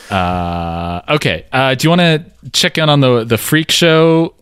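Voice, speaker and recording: A man co-hosting a casual music podcast, easygoing and quick to laugh at himself. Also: on the high side, lively intonation, a bit bright, smooth, dry recording. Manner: laughs a lot, easygoing, self-mocking. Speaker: podcast co-host. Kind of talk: casual chat about music.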